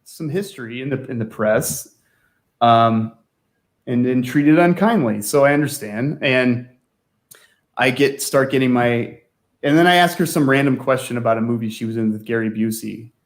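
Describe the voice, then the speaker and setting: Here a former magazine staff writer shares anecdotes as a guest in a relaxed conversation, his mid-range voice at a moderate pace. He laughs frequently and leans on "like" as filler.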